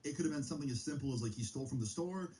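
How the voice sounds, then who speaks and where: Casting note: young male streamer, laid-back storyteller, dark mellow tone, loose and profane. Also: mid-range voice, lively intonation, racing, a little hiss or hum, poor audio. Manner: rambling, profane, heavy use of filler like. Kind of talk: casual storytime.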